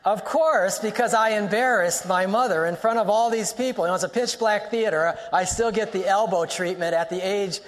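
A man's voice: sits high, moderate pace, hardly any pauses, slight background noise. A male pastor preaching a sermon, emphatic, repeating lines for stress and weaving in personal stories. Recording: long reverb of a large hall.

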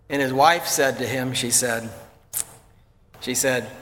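A man's voice: on the high side, measured pace, fairly bright tone. Male pastor, conversational sermon delivery with folksy asides, reverberant sanctuary. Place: church sanctuary. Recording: long reverb of a church hall.

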